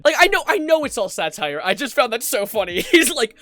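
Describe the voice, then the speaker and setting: Man, sarcastic online commentary, high voice, very animated pitch, dry close sound, faint music behind. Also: a little fast, hardly any pauses, no echo. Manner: sarcastic, incredulous, laughs often. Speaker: YouTube commentator. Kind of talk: internet drama commentary.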